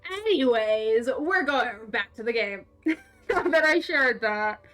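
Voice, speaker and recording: A woman's voice: on the high side, lively intonation, takes it slowly, a bit bright. A young woman streaming a game, rambling through a story in casual chat, laughing and swearing freely. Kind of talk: casual storytelling while playing.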